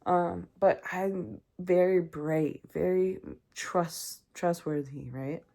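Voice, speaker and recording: A young Canadian woman hosts a podcast, telling a personal story in a casual, chatty way full of ums and acted-out voices. Her voice is fairly low, gravelly and mellow, and she speaks slowly.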